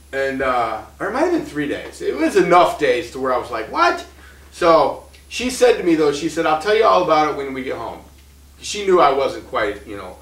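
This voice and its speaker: A man's voice: medium pitch, fairly bright tone, recorded from a distance. Rambling man telling a story in an echoey room. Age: 30s. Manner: rambling, with many restarts and laughs. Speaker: vlogger telling his own story. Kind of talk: casual storytelling.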